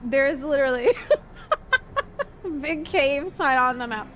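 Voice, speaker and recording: A young woman streamer giving casual, excitable commentary while gaming, chatty and swearing now and then. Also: high voice, a little slow, background noise.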